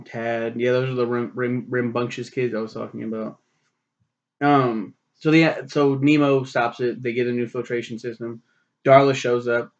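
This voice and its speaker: Rambling, swearing young man on lo-fi audio. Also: mid-range voice. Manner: rambling, swears a lot, many fillers. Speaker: film reviewer. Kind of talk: casual film recap.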